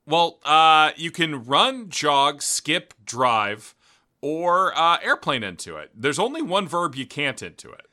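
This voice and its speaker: A man's voice: fairly high pitch, very animated, slow, bright, forceful tone. A man hosting a comedy podcast, chatting playfully and riffing on absurd tangents. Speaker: podcast host. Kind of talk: casual comedic chat.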